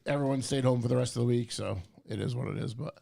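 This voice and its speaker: A man chatting casually on a podcast. His voice has a gravelly, fry-heavy edge, and he drops in dry jokes. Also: mid-range voice, fast talker, mellow. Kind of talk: casual chat.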